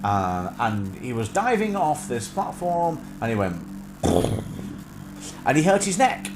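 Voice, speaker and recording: A man in his thirties hosts a live stream in a loose, rambling chat. He fills his talk with ums and restarts, and his voice rises and falls a lot. Music plays clearly in the background. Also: on the high side, sing-song, a little slow. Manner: rambling, many fillers and restarts, breaks into song.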